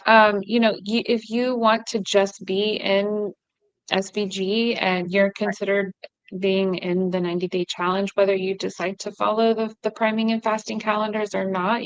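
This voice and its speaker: Brief: female co-host, smooth clear voice, dry mic, reassuring. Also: mid-range voice, dry recording, low-quality recording. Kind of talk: casual chat.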